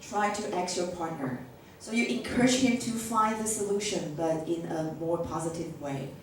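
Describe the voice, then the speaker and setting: This workshop leader, a teacher trainer, has a fairly low voice and speaks at a moderate pace, acting out classroom phrases for teachers and checking in with "okay?" often. Recorded from far off in a big echoey classroom, the audio has a little hiss or hum.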